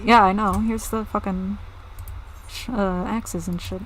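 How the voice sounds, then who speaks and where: A woman's voice: mid-range voice, steady tone, a little slow, low-quality recording. A woman streaming a game, chatting casually, blunt and self-mocking, swearing often. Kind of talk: casual live-stream chat.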